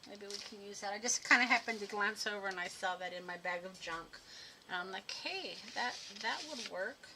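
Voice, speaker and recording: A woman's voice: mid-range voice, moderate pace, heavy background noise. A woman hosting a card-making tutorial, chatting and thinking aloud as she works and answers viewers. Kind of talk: live craft demo chat.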